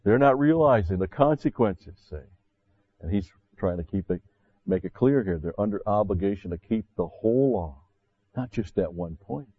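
A man's voice: on the low side, animated, moderate pace, phone-quality sound. A man preaching a sermon as pastor, talking conversationally with frequent "see" asides and rising emphatically when he quotes scripture.

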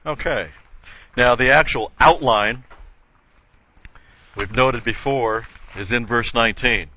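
An older man teaches a Bible study at an unhurried, deliberate pace, his low voice bright and forceful as he restates key points for emphasis. He explains carefully, often restarting mid-phrase. The recording is dull and lo-fi with a dry, close sound. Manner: measured, explanatory, with frequent restarts and emphatic repetition.

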